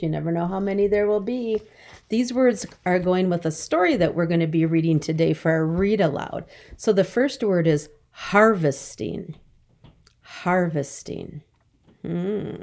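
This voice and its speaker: Slow, mellow-voiced phonics teacher woman. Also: lowish voice, creaky. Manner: slow, sing-song teacher voice, stretching out words. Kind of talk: early-grade phonics lesson.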